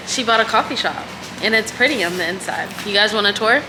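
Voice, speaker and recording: A woman's voice: mid-range voice, expressive, a little fast, heavy background noise. A young woman in her twenties chatting casually to her vlog camera, filling her talk with "like.". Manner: chatty, lots of filler "like". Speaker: vlogger.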